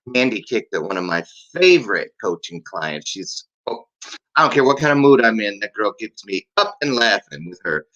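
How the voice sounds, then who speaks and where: A man's voice: on the low side, very animated, moderate pace, fairly bright tone. Man, live-stream host, rambling upbeat chat, somewhat muffled webcam sound.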